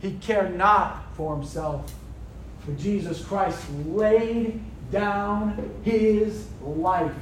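A man with a notably high voice preaching a sermon in a room full of people. He takes his time, drawing the words out slowly. He keeps asking the listeners questions that expect an answer back. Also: a little hiss or hum. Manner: preaching with rhetorical questions to a responding congregation. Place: room with a congregation.

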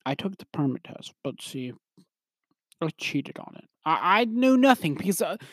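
A young man talks through a personal story on his own podcast, full of restarts, fillers and laughter. His voice sits a little high for a man. The recording is close and dry, with no room sound. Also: sing-song, normal speed, no room sound. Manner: rambling, laughing, quoting others in put-on voices. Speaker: podcast host. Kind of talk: casual solo podcast chat.

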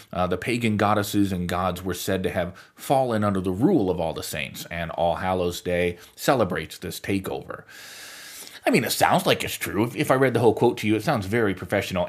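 A man with a low, somewhat husky voice hosts a podcast and talks through a prepared script. His pitch swings widely as he stresses points, and he slips in wry, sarcastic asides along the way. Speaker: podcast host.

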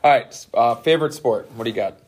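A man who is a teacher hosting a casual interview, relaxed and encouraging, with lots of "you know" and "right". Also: medium pitch, quick pace. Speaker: teacher and podcast host.

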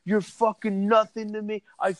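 A man voicing an angry drunk boyfriend who yells abuse over a speakerphone. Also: high-pitched, level tone, moderate pace, no echo, clean studio sound, pitched above the performer's own voice, close to an everyday voice. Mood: enraged. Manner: shouting abuse, sneering.

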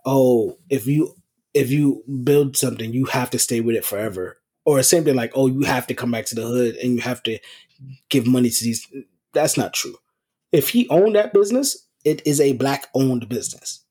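A man's voice: medium pitch, warm tone, husky. A man co-hosting a casual podcast, teasing his friends and arguing his point. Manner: teasing, argumentative. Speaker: podcast co-host. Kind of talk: casual group chat.

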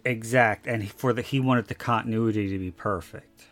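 A man's voice: lowish voice, steady tone, normal speed, fairly bright tone, faint music behind. A man guest in an interview, recalling past events in a rambling way full of restarts and fillers. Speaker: guest recalling a film shoot. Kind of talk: casual interview storytelling.

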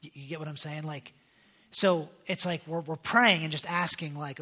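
A man's voice: on the high side, moderate pace, pushed and bright, husky. A young man preaching in a casual, conversational way, telling stories with many fillers and restarts. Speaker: pastor. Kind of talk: casual sermon storytelling.

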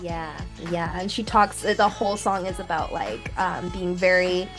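Over loud music, a young woman with a fairly low, unhurried voice co-hosts a podcast, chatting casually and bluntly and laughing often.

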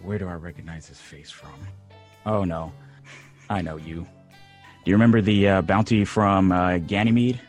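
A man playing a tabletop game, speaking in character in a casual, halting way. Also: on the low side, darkish tone. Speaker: player. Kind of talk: in-character tabletop role-play.

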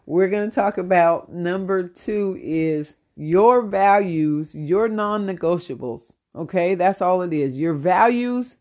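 A woman's voice: lowish voice, slow, few pauses, a little mellow. A middle-aged woman hosting a dating-coach podcast, delivering a brash, profane comic rant and laughing often.

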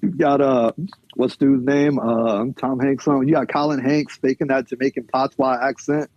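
A man's voice: medium pitch, little pitch movement, moderate pace, darkish tone, dull audio. A man speaking as a podcast guest in a loose, chatty way, with lots of fillers and frequent laughter. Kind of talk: casual conversational interview.

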